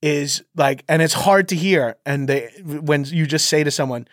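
A man in his thirties hosting a casual podcast chat, swearing often and laughing through quick asides. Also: fairly high pitch, no room sound, clean studio sound. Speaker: podcast host. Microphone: studio mic with headphones.

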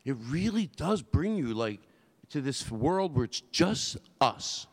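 A man's voice: a little high, big pitch swings, slow, no echo. A man hosting a podcast in casual chat, talking in a rambling, self-interrupting way. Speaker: podcast host. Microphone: headphones and studio mic.

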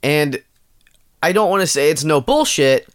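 A man's voice: a little high, lively intonation, measured pace, clear, resonant tone. A man co-hosting a comedy podcast, telling absurd jokes in casual banter and laughing often.

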